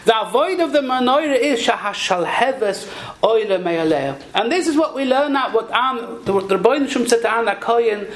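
A man preaches a Torah lesson in a lilting, sing-song cadence, his pitch rising and falling widely as he poses questions and answers them himself. He drops Hebrew and Yiddish phrases into his teaching. A faint hiss of noise sits beneath the voice. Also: poor audio. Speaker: rabbi giving a Torah talk. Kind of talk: Torah sermon.

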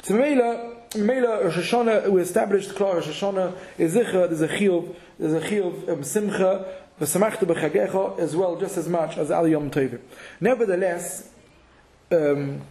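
A man giving a halachic lesson to a class, halting and repeating words as he mixes in Hebrew and Yiddish terms. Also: high voice, mellow. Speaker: Torah teacher. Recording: echoey room.

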